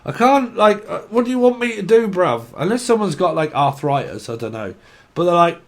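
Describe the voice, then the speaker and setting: A man's voice: high-pitched, very animated, fairly quick. A man giving a rambling, comic tarot reading, swearing freely and acting out silly scenes. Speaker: tarot reader.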